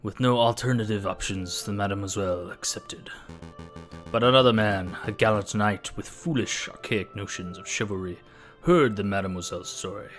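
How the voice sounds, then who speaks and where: A man's voice: lowish voice, normal speed, fairly bright tone, soft background music, lightly acted. A man voicing a cunning male fox who poses as a prince, talking in a suave, theatrical way with a put-on Spanish accent. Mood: confiding.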